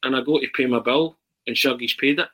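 A man, a podcast guest, telling a travel anecdote in a halting, animated way with many restarts. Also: mid-range voice, slightly rough, rough recording. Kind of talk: casual storytelling.

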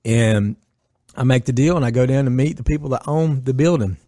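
A man from talks in a loose, casual storytelling style. He is blunt and swears freely, and his voice sits in an ordinary middle pitch. The sound is dry and close, with no room echo. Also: brisk. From Northwest Georgia, US. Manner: blunt and profane, with lively acted-out quotes. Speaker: podcast guest, gym owner.

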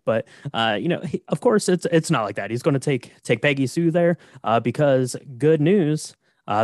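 A man's voice: mid-range voice, dry recording. Guy chatting about a movie, easygoing, lots of uhs, dry close sound. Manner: laid-back, halting, lots of uh and you know. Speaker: podcast co-host. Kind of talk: casual movie recap chat.

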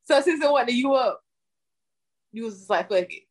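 Brief: woman co-host, slightly high voice, playful teasing, relaxed chat. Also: normal speed. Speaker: podcast co-host. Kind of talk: casual chat.

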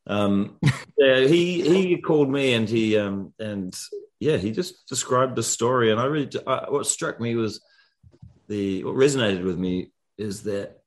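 Male guest, deep low voice, laid-back and jokey interview chat. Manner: relaxed, musing, jokey. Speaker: actor and filmmaker guest.

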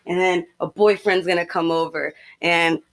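A woman's voice: on the low side, moderate pace. Young woman telling a gory story. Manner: graphic, animated horror storytelling with lots of "like" and "you know". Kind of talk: casual storytelling among friends.

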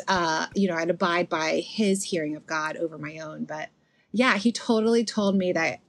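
A woman's voice: on the low side, gravelly. A young adult woman on a podcast, chatting casually and telling stories with sarcastic asides. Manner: animated storyteller, quick sarcastic asides. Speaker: podcast co-host. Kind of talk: casual chat.

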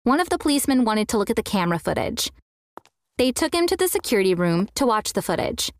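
A woman's voice: a little high, sing-song, quick pace, dry recording, clean studio sound. A young woman reading a scripted first-person story in an earnest way, now and then acting out the quoted lines.

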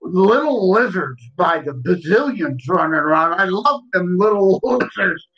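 A man's voice: high voice, big pitch swings, measured pace, a bit bright, lo-fi sound. A man co-hosting a podcast, easygoing and jokey, chatting casually. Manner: easygoing, jokey, laughs a lot. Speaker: podcast co-host. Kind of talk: casual chat.

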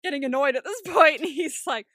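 A woman's voice: high-pitched, a little fast, fairly bright tone, no echo, studio quality. A woman co-hosting a podcast, casually recapping a show, laughing often and acting out scenes in different voices. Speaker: podcast co-host.

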